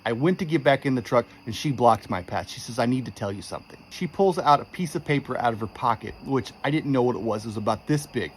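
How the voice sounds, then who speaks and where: A man telling a creepy true story in a casual, animated way, quoting the people in it with exasperation. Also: mid-range voice, quick pace, hardly any pauses, slight background noise. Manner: animated, exasperated retelling with quoted dialogue.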